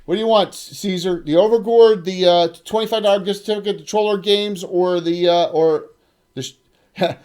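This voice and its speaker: A man's voice: sits high, fairly even intonation, brisk, a little mellow, clear, resonant tone. A man with a South Jersey accent, hosting a livestream as game master and handing out prizes in a loose, joking way. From South Jersey, USA. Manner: loose and joking, with frequent restarts. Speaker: game master and show host.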